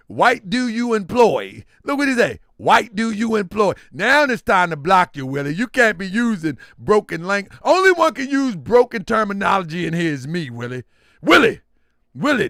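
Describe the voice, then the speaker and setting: A middle-aged man hosting a livestream and reading chat aloud, loud and teasing, laughing often. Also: high voice, vocal fry, no room sound, studio quality. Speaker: livestream host.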